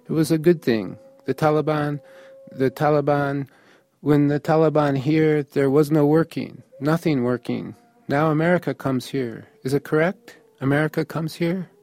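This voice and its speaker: A man voicing an eager teenage boy who speaks in halting, broken English. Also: on the high side, a little mellow, dry recording, soft background music, voice pushed up, lightly acted. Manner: urgent, halting phrasing.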